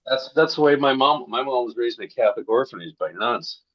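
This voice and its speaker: A man's voice: medium pitch, animated, fairly quick, a bit bright, lo-fi sound. A man from St. Louis, a comedian guest on a podcast, telling profane stories with punchy asides. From St. Louis, USA. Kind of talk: casual podcast chat.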